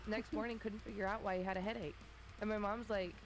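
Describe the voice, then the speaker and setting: A woman in her thirties telling a funny childhood story in a relaxed chat, acting out her family's voices. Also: mid-range voice, quick pace, soft background music, poor audio. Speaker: streamer guest. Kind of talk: casual storytelling.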